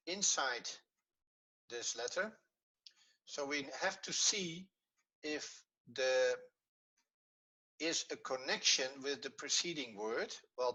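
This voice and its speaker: A man takes learners through a Hebrew grammar lesson in an online class. His voice is bright and forward, and he explains each step slowly and patiently, going back over points so they stick. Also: mid-range voice, slightly rough, low-quality recording. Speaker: Hebrew teacher. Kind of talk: online lesson, screen-sharing.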